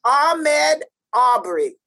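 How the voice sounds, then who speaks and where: A woman's voice: high-pitched, sing-song, slow pace, fairly bright tone. An American woman co-hosting a podcast, talking in an impassioned, emphatic way and repeating phrases for stress. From United States. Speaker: podcast co-host. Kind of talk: casual podcast chat.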